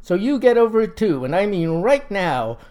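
A man putting on the voice of an exasperated older politician who shouts bluntly and loudly. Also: high-pitched, big pitch swings, moderate pace. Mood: angry. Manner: loud, blunt, scolding.

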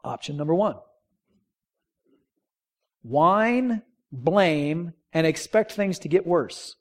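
A man's voice: fairly high pitch, lively intonation, brisk, darkish tone. A man preaching a sermon, conversational, asking the congregation rhetorical questions and drawing call-and-response. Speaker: pastor.

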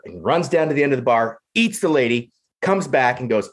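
Man, podcast guest, mid-pitched voice, eager storyteller, casual chat. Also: expressive, fairly quick. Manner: enthusiastic storyteller, repeats words when starting. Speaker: podcast guest, play professional.

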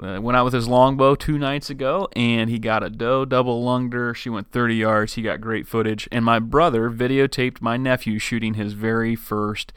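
Chatty male podcast host, crisp tone. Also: medium pitch, moderate pace, hardly any pauses, no echo, studio quality. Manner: chatty, relaxed, with fillers and restarts. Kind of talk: casual podcast monologue.

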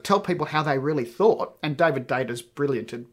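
A man's voice: on the high side, lively intonation, a little fast. Male podcast host, rambling casual storyteller. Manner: rambling storyteller, many ums. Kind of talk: casual interview chat.

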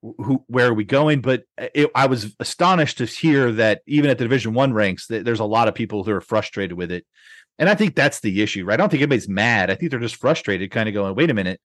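A man's voice: mid-range voice, a little fast, a bit bright, no room sound. A man hosting a podcast in casual chat, rambling with many restarts and fillers. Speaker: podcast host.

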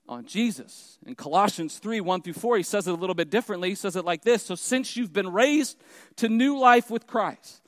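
A man's voice: sits high, lively intonation, normal speed, no room sound, long reverb tail. A man preaching a sermon as pastor, emphatic and repeating key phrases for effect.

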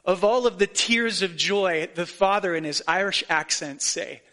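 A man's voice: high-pitched, moderate pace, pushed and bright. A man preaching a sermon as a pastor, telling a story in an earnest way and sometimes correcting himself as he goes.

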